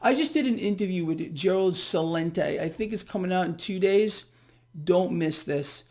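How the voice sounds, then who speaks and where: A man's voice: sits high, moderate pace, a little mellow. Guy ranting about the markets on his channel, sarcastic and blunt. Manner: sarcastic, mocking, blunt and emphatic. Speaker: market commentator. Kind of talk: ranting solo video commentary.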